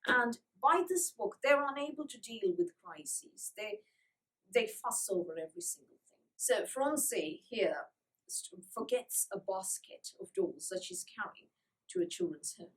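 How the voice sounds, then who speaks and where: A woman's voice: on the high side, big pitch swings, a little slow, recorded from a distance, rough recording. Wry woman reviewing vintage books. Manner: wry, lightly sarcastic. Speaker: book reviewer. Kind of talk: casual book review, reading passages aloud.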